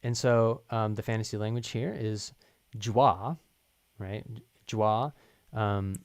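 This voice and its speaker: Guy directing a voice session, smooth lowish voice, lots of ums, dry studio sound. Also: steady tone, slow pace, no room sound. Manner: explains lines patiently, many fillers. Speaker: writer and voice director. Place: recording studio.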